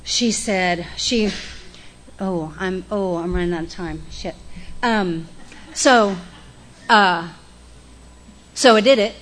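A middle-aged woman tells her own recovery story with blunt, salty humor, laughing at herself as she goes. Her pitch sits right in the middle, and there is a faint hum of room ambience behind her. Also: takes it slowly, pauses often. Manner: frank and profane, self-mocking, acts out quoted voices. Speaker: speaker sharing her recovery story at a meeting. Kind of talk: candid personal testimony.

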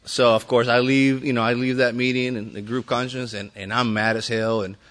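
A man at a recovery meeting tells a group his own story. He talks in a loose, easygoing way, full of "you know"s and restarts, with some mild swearing. His pitch sits in an ordinary middle range. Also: flat delivery, a little fast, fairly bright tone. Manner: casual, rambling, many fillers and restarts, light swearing, laughs often.

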